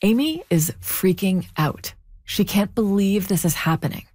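Mellow-voiced woman narrating. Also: medium pitch, lively intonation, no room sound. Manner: measured storytelling. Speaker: podcast narrator. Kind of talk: scripted narration.

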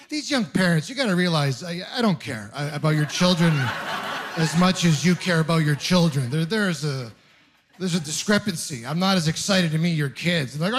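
A man in his thirties from Ontario, doing a stand-up comedy set as an animated, self-mocking storyteller full of mock outrage. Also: fairly high pitch, moderate pace. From Ontario, Canada.

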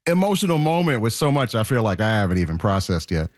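A man's voice: fairly low pitch, sing-song, fast, dry recording, clean studio sound. A man, speaking as a guest, choked up and reflective. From New York. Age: 50s. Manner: reflective, heartfelt. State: choked up, emotional. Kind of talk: casual interview talk.

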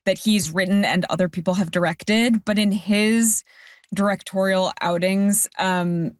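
A woman on a casual panel discussion, giving measured, critical opinions on a film. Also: mid-range voice, fairly even intonation, dry recording.

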